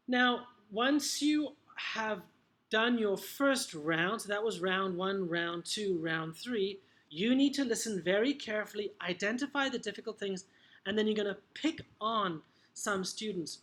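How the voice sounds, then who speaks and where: A man's voice: high-pitched, normal speed, a bit bright. A man, an English teacher trainer, explaining classroom methods in a chatty tutorial, often checking in with "okay?" and punchy asides.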